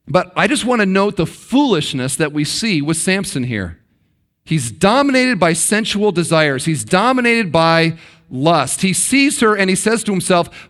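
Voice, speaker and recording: A middle-aged male pastor preaching a sermon in a conversational way, with dramatic pauses and acted-out quotes. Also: on the high side, fairly bright tone.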